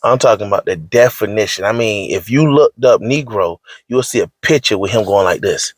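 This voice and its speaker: Briskly and in a lowish voice, with no room sound, an online commentator launches into a preachy, scolding rant. He uses slangy speech and keeps repeating his points emphatically to hammer them home.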